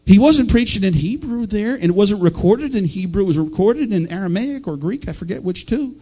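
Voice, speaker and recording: High-voiced man preaching a lively sermon. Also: fairly quick. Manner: folksy, animated preaching with shouted peaks. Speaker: pastor. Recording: dull lo-fi sound.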